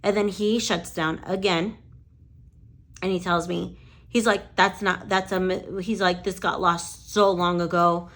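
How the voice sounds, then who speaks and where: A woman's voice: fairly low pitch, steady tone, measured pace, fairly bright tone. A woman lash artist telling a story in casual chat, swearing freely and quoting conversations with "I'm like".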